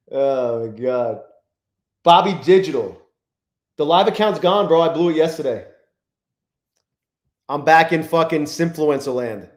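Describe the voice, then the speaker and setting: A young man talks loosely and profanely to his live audience as he trades, his voice sitting fairly high. He keeps greeting chat viewers by name between remarks. The room around him rings with echo. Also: measured pace, pauses often. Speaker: live-stream trading host. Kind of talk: casual live-stream chat. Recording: echoey room.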